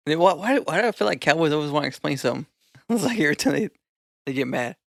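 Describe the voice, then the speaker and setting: A man's voice: fairly high pitch, expressive, fast talker, vocal fry, no room sound, studio quality. A man co-hosting a podcast, rambling casually and laughing often as he talks. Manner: laughs a lot, rambles with restarts. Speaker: podcast co-host. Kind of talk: casual chat.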